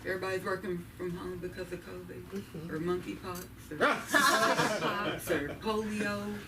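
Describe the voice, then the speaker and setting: A woman's voice: lowish voice, unhurried, recorded from a distance. A woman doing a nervous, chatty stand-up set at an open mic, laughing often and asking the crowd questions. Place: comedy club stage. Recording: noisy live room, voice from afar.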